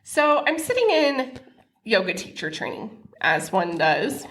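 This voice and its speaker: A woman's voice: fairly high pitch, big pitch swings, unhurried, a bit bright. A woman, co-hosting a podcast and telling stories in a playful, chatty way. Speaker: podcast co-host. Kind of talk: casual chat.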